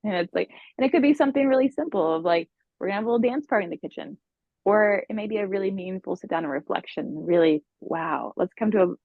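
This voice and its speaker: Woman relationship coach, podcast guest, expressive conversational delivery; dry, slightly dull recording. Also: medium pitch, fast, no echo.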